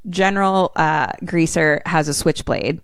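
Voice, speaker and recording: A woman co-hosting a podcast, retelling a movie in casual chat with animated storytelling and bursts of laughter. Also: low-pitched, measured pace, clean tone, no echo. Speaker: podcast co-host retelling a film.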